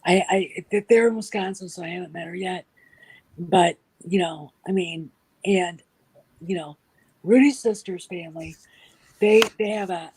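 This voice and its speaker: A woman chatting casually as a guest, an animated storyteller who drops into soft whispers. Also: fairly low pitch, breathy edge, no room sound, rough recording. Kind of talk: casual chat.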